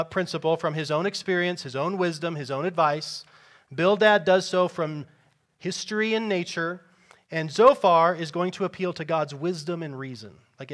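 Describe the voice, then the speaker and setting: A man's voice: fairly high pitch, a bit bright. A man preaching a sermon to his congregation in a conversational, emphatic way, with sarcastic asides. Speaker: pastor. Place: church before a congregation.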